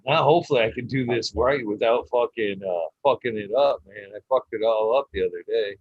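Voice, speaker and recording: A man's voice: medium pitch, fairly quick, no echo. A man hosting a casual chat, rambling and swearing with lots of fillers while he shows his grow room. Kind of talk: casual chat on a video call. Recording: dull lo-fi call audio.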